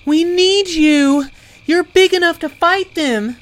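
A man's voice: mid-range voice, animated, slow pace, a little mellow, voice pushed up. A man reading an audiobook and voicing a brave young girl student on an adventure, speaking in an earnest, urgent way. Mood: shouting.

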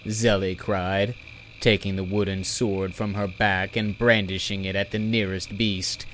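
A man reading a fantasy audiobook aloud at an unhurried, deliberate pace. His voice sits on the lower side, and a faint hiss lies beneath his steady narration. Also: low-quality recording. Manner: measured, steady storytelling. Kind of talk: scripted narration.

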